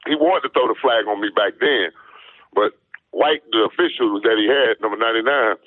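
A man, a former pro football player, telling stories as a guest in an animated, emphatic way over a tinny phone line. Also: fairly quick, dry recording. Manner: lively, emphatic, swings into loud high quoted voices. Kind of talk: animated storytelling in an interview.

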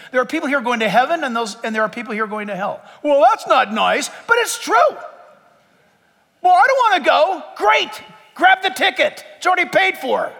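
High, bright-voiced preaching man in a church. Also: creaky. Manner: animated preaching, acts out voices of listeners. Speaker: pastor. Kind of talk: sermon. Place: church sanctuary before a congregation. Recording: long church hall reverb.

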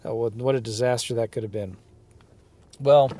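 A man's voice: medium pitch, normal speed. A man hosting a podcast, telling a story about a deal in a casual, emphatic rant and laughing along. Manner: animated, emphatic, laughs while telling stories. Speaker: podcast host, real estate investor. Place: in a car.

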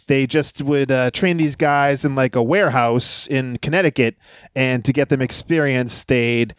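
A man's voice: medium pitch, steady tone, normal speed, clean tone, no echo, studio quality. A man hosting a casual interview, prompting his guest with questions and filling in names and details. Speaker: podcast host interviewer.

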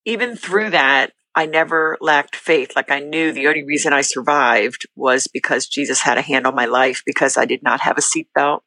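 Bright-voiced middle-aged woman, earnest. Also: rumbling low, no echo, poor audio. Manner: earnest, faith-filled, talks in quick bursts with restarts. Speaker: podcast guest. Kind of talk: candid personal testimony.

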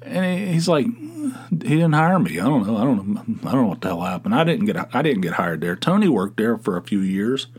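A middle-aged man with an Appalachian accent, hosting his own podcast in a rambling, halting way with many fillers and restarts. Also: mid-range voice, very animated, a little mellow, slightly rough. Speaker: podcast host. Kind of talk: casual solo podcast monologue.

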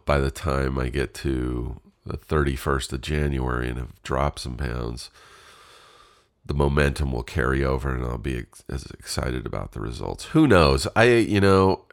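A man's voice: a bass voice, creaky. A middle-aged man hosting his own podcast, talking candidly and self-deprecatingly with casual swearing, his voice a little stuffy and congested. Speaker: podcast host. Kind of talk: casual solo podcast talk.

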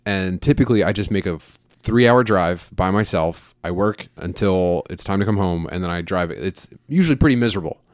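A man in his thirties, a podcast co-host, talking in a casual, profane, rambling way with quick bursts of laughter. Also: sits low, expressive, no echo, clean studio sound. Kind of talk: casual chat.

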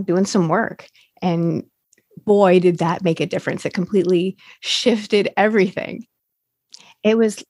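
A woman's voice: fairly low pitch, darkish tone, no room sound, studio quality. A woman, now a recovery coach, candidly telling her recovery story in a rambling way, full of fillers and restarts.

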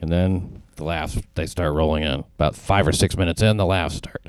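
A man's voice: low voice, steady tone, normal speed, clean tone, no echo, clean studio sound. A man hosting a casual comedy podcast, joking bluntly and swearing freely. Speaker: podcast host.

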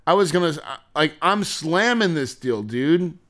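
A man's voice: fairly high pitch, lively intonation, measured pace, a bit bright. A man hosting a podcast, venting and swearing in a candid monologue, laughing it off between complaints. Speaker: podcast host.

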